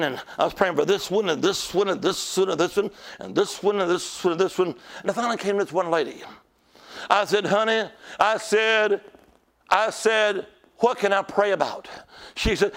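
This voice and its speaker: A man preaching a sermon in a church, telling stories with shouts and call-outs to the congregation. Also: sits high.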